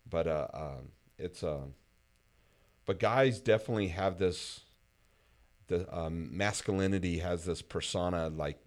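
A man's voice: low voice, unhurried. A man hosting a casual conversation, talking reflectively with frequent fillers.

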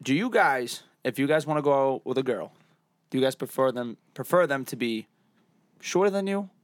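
A man's voice: mid-range voice, lively intonation, normal speed, smooth, no echo. A man co-hosting a podcast in a house, talking casually in a brash, teasing way and swearing often. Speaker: podcast co-host. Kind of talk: casual chat. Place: indoors in a house.

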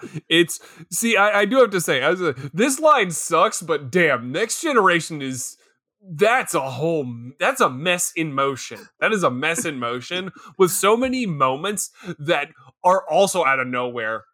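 High, lively, laughing man. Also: unhurried. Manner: animated, laughing often, tripping over his words. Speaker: podcast co-host. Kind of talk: casual chat.

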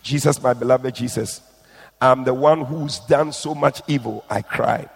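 Male preacher, husky and gravelly, urgent and pleading, recorded with long hall reverb. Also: medium pitch, measured pace. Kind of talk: sermon with read-out testimony. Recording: echoey hall.

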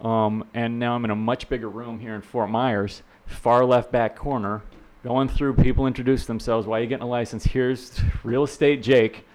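A middle-aged man, a real estate instructor, telling stories casually on a podcast, animated and laughing, often repeating words and acting out quotes. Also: mid-range voice, normal speed.

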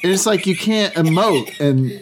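A man's voice: high-pitched, animated, a little slow, heavy background noise. A man from Massachusetts, an actor, talking bluntly in casual chat and swearing often. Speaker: actor, podcast co-host.

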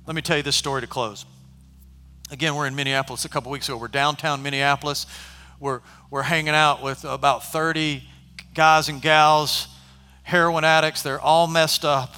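Man, pastor type, bright forceful voice, long hall reverb, storytelling sermon. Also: on the high side, normal speed. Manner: animated, shifts from conversational to shouting.

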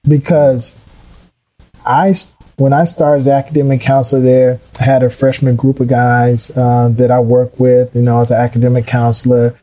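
A middle-aged man telling his career story in a casual, animated way, acting out the voices of people he quotes. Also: mid-range voice, moderate pace, rough recording. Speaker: guest.

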